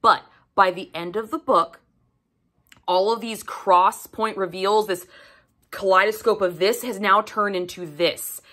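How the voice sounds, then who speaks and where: Woman, young adult, bright tone; casual book vlogger, blunt and profane, very animated delivery. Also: mid-range voice, measured pace. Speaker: book reviewer. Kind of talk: casual book review vlog.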